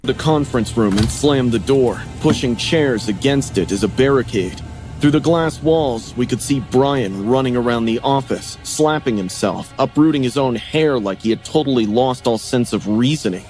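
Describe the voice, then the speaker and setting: A man tells a scripted horror story with lively, swinging intonation. Music plays clearly beneath his voice. He throws himself into the characters' lines. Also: mid-range voice, moderate pace. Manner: dramatic, acts out dialogue in raised voices. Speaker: narrator. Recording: music playing under the voice.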